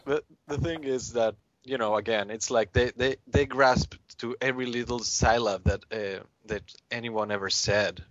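Rambling, halting male podcast guest. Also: mid-range voice, fairly even intonation, fairly bright tone, no echo. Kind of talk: casual chat. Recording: dry, dull lo-fi podcast audio.

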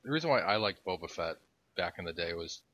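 Male co-host, lowish pitch, bright edgy tone, blunt storyteller, lo-fi audio. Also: expressive, fast talker. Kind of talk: casual chat. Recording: dull lo-fi podcast audio.

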